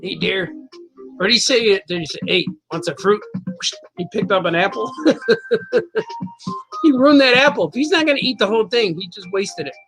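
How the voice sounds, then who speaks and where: A man's voice: high voice, expressive, fairly quick, pauses often, over music, poor audio. A man hosting a live show, chatting casually and rambling from joke to joke, laughing often as he reads viewer comments. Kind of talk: casual live-stream chat.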